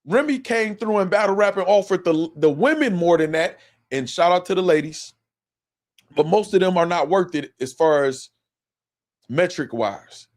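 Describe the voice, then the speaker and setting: A man's voice: sits high, moderate pace. A man hosting a live stream, giving casual, profane commentary and repeating himself as he reacts to clips. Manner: animated, repetitive, profane, talks over clips. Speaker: livestream host.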